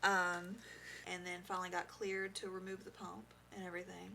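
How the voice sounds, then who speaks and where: A young woman giving heartfelt personal testimony as a podcast guest, halting and full of fillers. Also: on the low side, monotone, vocal fry, bright, forceful tone, slight background noise.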